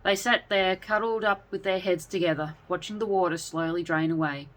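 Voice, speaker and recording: A woman reading a serialized story aloud with an expressive delivery. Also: lowish voice, normal speed. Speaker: narrator. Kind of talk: storybook narration.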